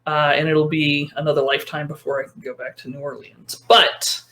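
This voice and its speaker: A woman's voice: low voice, level tone, fairly quick, fairly bright tone. Chatty woman guest on a podcast. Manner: chatty, rambling, self-correcting. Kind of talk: casual chat.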